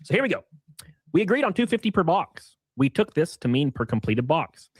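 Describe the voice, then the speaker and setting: High-pitched dude co-hosting, super animated, chatting with the chat. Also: male voice, fairly quick, husky, no room sound. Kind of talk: casual commentary stream.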